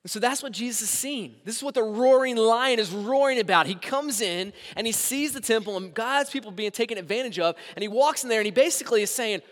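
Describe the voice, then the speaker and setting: A man in his thirties with a high, bright voice preaches to his church. His delivery is animated and swings from quiet, drawn-out asides to loud, punchy emphasis. The long reverb of a big hall trails behind each phrase. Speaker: pastor. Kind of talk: sermon.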